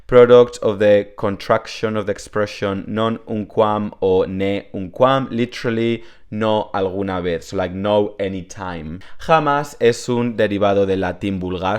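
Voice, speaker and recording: A man's voice: fairly low pitch, clean tone. A man whose first language is Spanish, chatting casually through an online Spanish lesson, full of "like" fillers, at home. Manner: chatty, many "like" fillers, talks to his dog. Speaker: language teacher.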